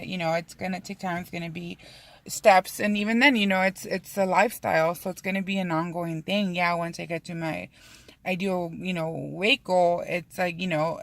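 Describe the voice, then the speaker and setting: A woman's voice: on the low side, no echo. A young woman talking candidly in a personal vlog, casual with lots of fillers and some swearing. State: tearful, emotional. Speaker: vlogger.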